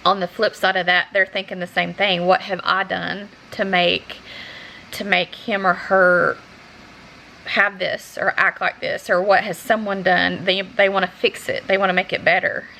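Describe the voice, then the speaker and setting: A woman vlogger talking in a halting, earnest way with many restarts, close to tears as she speaks to her viewers. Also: lowish voice, little pitch movement, creaky, sharp tone, slight background noise, poor audio. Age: adult. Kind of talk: unscripted personal talk to camera.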